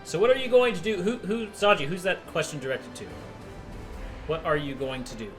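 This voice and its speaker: A man's voice: a little high, lively intonation, brisk. Chatty male streamer over game music. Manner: chatty, reads out chat messages. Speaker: streamer co-host. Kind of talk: casual chat while gaming.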